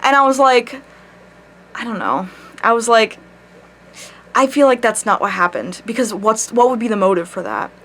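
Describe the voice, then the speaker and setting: Animated young woman telling a story. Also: a little high, normal speed, pauses often. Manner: animated, rambling, swears and laughs often. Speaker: vlogger. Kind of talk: casual storytime vlog.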